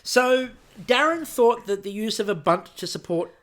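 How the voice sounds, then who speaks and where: A man co-hosting a podcast, telling stories in a lively, animated way and swearing casually. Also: sits high, unhurried. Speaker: podcast co-host.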